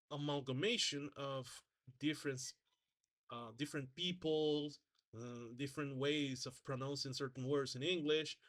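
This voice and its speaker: A man with a slightly high voice talks through a spoken exam presentation as a student. He is hesitant, often restarting and correcting himself, and he demonstrates sounds by saying example words aloud. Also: fairly bright tone.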